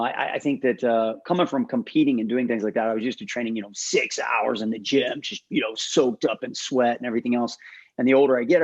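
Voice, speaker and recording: Man, martial arts teacher, reflective, breathy voice, dry sound. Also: mid-range voice, no echo. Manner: reflective, thoughtful storyteller. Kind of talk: casual group conversation. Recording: dull, muffled lo-fi mic.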